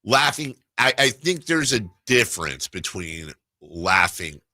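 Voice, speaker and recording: A man's voice: on the low side, big pitch swings, unhurried, sharp tone, dry recording. A man hosting a sports radio talk show, telling a rambling story in casual chat with many restarts. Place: radio studio.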